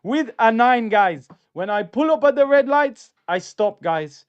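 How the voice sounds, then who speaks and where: A bragging football manager, as a man mimics him boasts in a mock-grand tone, tacking "guys" onto his lines. The voice sits raised and high. The sound is dry and close. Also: a little slow, clear, resonant tone, dry recording, highs cut off. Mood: mock boastful.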